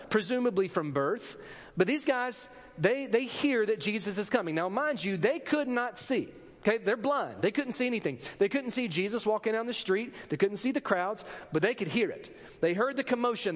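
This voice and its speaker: A man preaching a sermon, telling a story with lively drama and acting out the voices of the people in it. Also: sits high, in a large hall. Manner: animated storytelling preacher, acts out the quoted pleas. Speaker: pastor.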